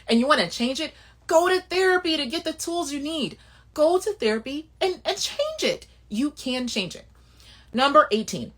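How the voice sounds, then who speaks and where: A fairly high-voiced woman talks straight to the listener, handing out blunt life advice. Her pitch swings widely as she leans into sassy asides. She sounds emphatic and conversational. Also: fairly bright tone. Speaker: host giving life advice. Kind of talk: casual advice monologue.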